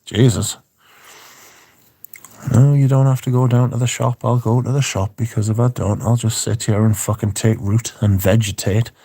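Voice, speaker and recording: A man's voice: lowish voice, steady tone, normal speed, gravelly, dark tone, no echo, studio quality. A man, hosting a livestream in casual chat, reading viewer comments in a rambling, profane, wry way. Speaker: livestream host.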